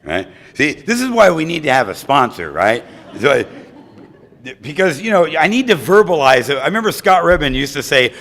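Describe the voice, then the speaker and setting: Animated American man telling his story. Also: on the high side, moderate pace. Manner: animated, acts out voices of others. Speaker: recovery meeting speaker. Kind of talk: storytelling talk at a recovery meeting.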